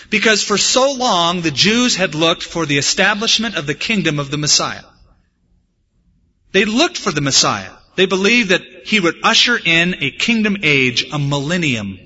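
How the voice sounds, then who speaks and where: A man's voice: fairly high pitch, sharp tone. A man from the United States, a pastor preaching a sermon with earnest conviction and humorous personal stories. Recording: dull, echoey church hall recording.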